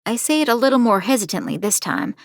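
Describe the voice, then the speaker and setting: An actress playing a determined young woman true-crime podcaster, narrating her story in the first person in a measured, confiding way. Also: fairly high pitch, animated, no echo, clean studio sound.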